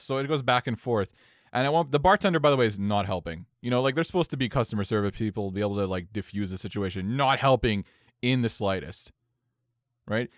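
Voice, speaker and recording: Young man, podcast co-host, animated storyteller, swears a lot, dry close sound. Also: mid-range voice, dry recording. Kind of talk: casual chat.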